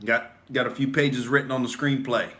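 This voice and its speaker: Playing a pumped-up bro on a satirical podcast, this young comedian swaggers, swears, drinks beer, and keeps calling people "dude" throughout his in-character rant. He speaks a little fast in a mid-range voice, with flat delivery and a fairly bright tone.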